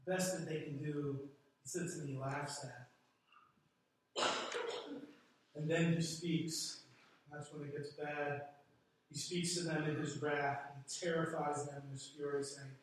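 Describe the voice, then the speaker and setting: A man's voice: fairly high pitch, little pitch movement, takes it slowly, long pauses, a little hiss or hum. A man preaching a sermon in a conversational storytelling manner, chuckling now and then. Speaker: pastor. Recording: echoey room from a distant mic.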